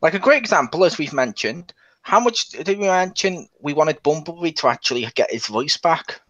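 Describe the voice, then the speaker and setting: A man with a rather high, very lively voice chats casually as a podcast co-host, mocking what he talks about and slipping into little acted bits. The sound is dry and close. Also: moderate pace, no room sound, muffled recording. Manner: animated, mocking, acts out characters. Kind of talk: casual chat.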